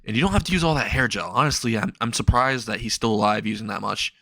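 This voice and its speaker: A man's voice: on the low side, fast talker, gravelly, pushed and bright, no room sound. A man voicing a grumpy male camp cook who complains and snaps back in exasperation. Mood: matter-of-fact.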